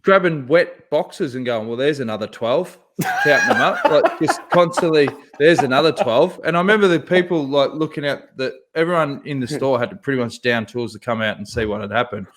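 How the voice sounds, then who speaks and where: Male podcast co-host, mid pitch, animated profane storyteller. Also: brisk, hardly any pauses. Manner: animated, swears freely, laughs through his own story. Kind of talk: casual storytelling chat.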